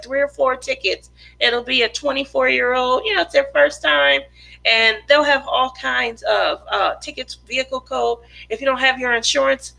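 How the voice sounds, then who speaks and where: High, gravelly-edged woman chatting on stream. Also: sharp tone, rough recording. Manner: chatty and giggly, laughs often. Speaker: craft channel host reading live chat. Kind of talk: casual live-stream chat.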